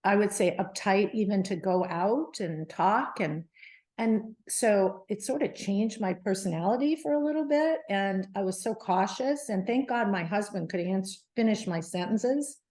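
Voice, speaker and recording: A middle-aged woman, a guest on an interview show, telling her story in a lively, animated way with many restarts. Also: medium pitch, measured pace. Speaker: guest, menopause advocate.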